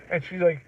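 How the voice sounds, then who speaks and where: A middle-aged man chatting casually on a livestream, rambling, clearing his throat and chuckling as he talks from his truck. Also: distant mic. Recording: tinny phone-like audio from off-mic.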